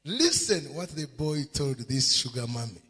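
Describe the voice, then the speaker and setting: A male preacher telling a sermon story, with call and response and emphatic refrains he repeats again and again. His slow delivery swoops high and low, and his voice is husky. The sound carries the long reverb of a large hall. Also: sing-song, a bit bright.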